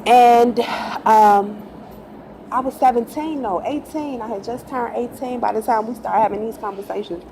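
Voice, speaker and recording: A woman's voice: fairly high pitch, normal speed, noisy background. A woman who drives a bus, telling a personal story in a casual, chatty way, laughing often and acting out quotes. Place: in a bus at night.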